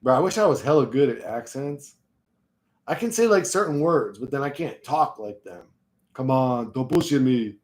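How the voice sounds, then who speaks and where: A man's voice: medium pitch, very animated, normal speed. A man in his thirties rambling casually, tired and swearing freely, with frequent laughs. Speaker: vlogger. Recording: echoey room.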